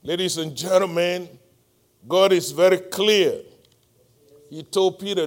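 A middle-aged man with a Nigerian accent preaching a sermon, moving between loud, emphatic appeals and quiet, close storytelling. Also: sits high, slow.

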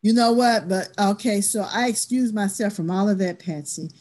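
A woman's voice: mid-range voice, moderate pace, darkish tone. A woman who leads church stewardship, talking earnestly and emphatically in a church discussion class.

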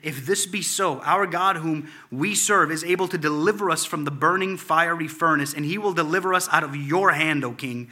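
Bright, fervent male preacher. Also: a little high, normal speed, few pauses. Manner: builds to fervent, raised delivery when retelling the story; informal, conversational preaching with fillers and restarts. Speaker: pastor. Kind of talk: sermon.

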